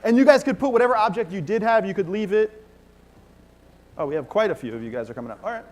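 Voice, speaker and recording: A fast-talking man with a fairly high voice hosts a live mentalism act for a conference-hall crowd of a few thousand. He draws the audience into the show, staying upbeat and commanding and teasing people as he tells them what to do.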